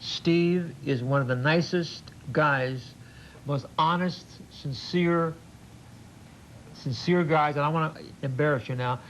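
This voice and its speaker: An older male TV host doing an in-studio sales pitch, halting and repeating words, with a jokey folksy manner. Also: fairly bright tone. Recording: muffled old TV broadcast with faint hiss.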